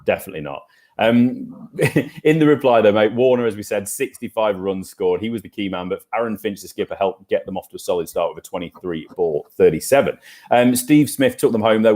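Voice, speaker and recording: A man's voice: low voice, a little mellow. A man co-hosting a cricket podcast, talking in a jokey, chummy way and calling his partner mate. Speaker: podcast co-host. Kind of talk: casual cricket chat.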